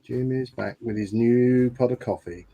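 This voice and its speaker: A man's voice: mid-range voice, steady tone, moderate pace, creaky, dark tone, muffled recording. A man on a live panel chatting casually, playful and clowning around. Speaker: panel guest. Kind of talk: casual chat.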